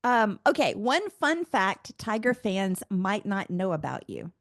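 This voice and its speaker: A woman's voice: mid-range voice, very animated, measured pace, no room sound, studio quality. A woman hosting a podcast, asking interview questions in an upbeat way and laughing often. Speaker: podcast host. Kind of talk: casual interview.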